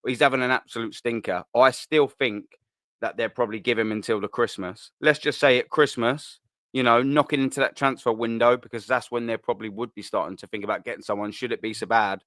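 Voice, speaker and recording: A man's voice: mid-range voice, fairly even intonation, a little fast, a bit bright, dry recording, clean studio sound. A young man hosting a live fan show, chatting casually through viewer comments, bantering, repeating himself and laughing often.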